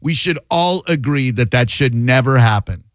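A man's voice: mid-range voice, normal speed, no room sound. A man hosting a call-in radio talk show, blunt and joking as he argues his points. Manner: blunt, animated, jokey. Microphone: studio mic.

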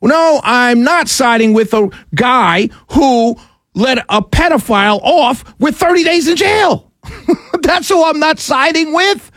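A man's voice: very high-pitched, animated, slow pace, fairly bright tone, no echo, studio quality. A man giving ranting commentary to his audience, exasperated and incredulous, often stammering and laughing in disbelief. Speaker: political commentator.

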